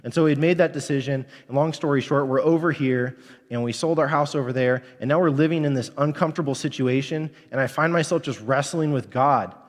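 Candid young pastor preaching in a reverberant church. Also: male voice, mid-range voice, brisk. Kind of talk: sermon.

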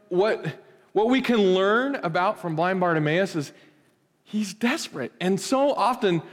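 A middle-aged male pastor preaching in a church, his voice sitting a little high for a man. He talks to the congregation in a conversational way and swells into loud, animated bursts. The sound carries a long reverb from the hall. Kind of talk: sermon. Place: church sanctuary.

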